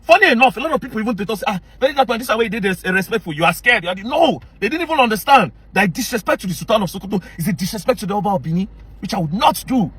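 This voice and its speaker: Brief: Nigerian man with a Pidgin-inflected accent, rapid-fire and confrontational, dry close sound. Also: high-pitched, lively intonation, a bit bright, breathy edge, no room sound. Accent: Nigerian Pidgin-inflected English. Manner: confrontational, heated, mixes English with Pidgin. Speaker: social media commentator. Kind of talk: angry direct-to-camera rant.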